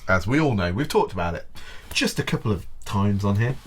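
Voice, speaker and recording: A man's voice: fairly low pitch, expressive, a little fast, husky. A man co-hosting a casual chat, teasing and laughing as he talks. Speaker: band member co-host.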